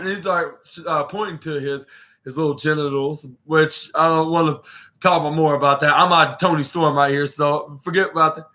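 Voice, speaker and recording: A man hosts a casual wrestling recap podcast. His voice sits a bit high and sounds bright and forward. He rambles with lots of fillers and false starts, and often slips into acting out what the wrestlers said. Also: fairly even intonation, fairly quick. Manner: rambling, many fillers and restarts, acts out quotes. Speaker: podcast host.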